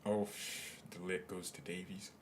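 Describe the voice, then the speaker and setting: Low-voiced joking man. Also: flat delivery, normal speed, background noise. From United States. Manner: joking, rambling banter. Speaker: fan channel host. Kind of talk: live match watchalong commentary.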